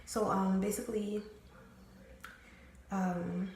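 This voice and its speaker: Recorded in a very echoey room with slight background noise, a young woman casually tells a frank, meandering personal story to her viewers, peppered with fillers and curse words. She's a storytime vlogger with a medium-pitched, darkish, level voice and a slow pace.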